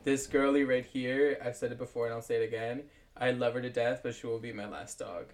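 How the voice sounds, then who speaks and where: A man co-hosting a casual chat podcast, speaking in a relaxed, measured way that often drifts softer. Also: medium pitch. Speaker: podcast co-host.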